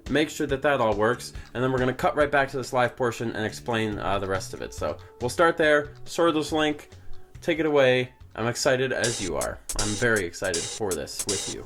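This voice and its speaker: A man's voice: mid-range voice, animated, normal speed, over music. A young man hosting a gaming video, talking over his play in a dry, rambling way with offhand jokes. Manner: dry, rambling, jokey asides. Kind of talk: deadpan gameplay commentary.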